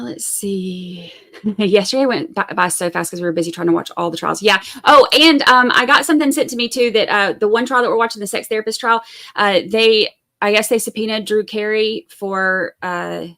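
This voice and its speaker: A woman chats loosely with her stream viewers, wandering through asides and fillers. Her voice sits at a middling pitch with a gravelly, creaky texture. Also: moderate pace, a bit bright. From Georgia. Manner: chatty and rambling, full of fillers and asides. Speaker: true crime live stream host. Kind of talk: casual live-stream chat with viewers.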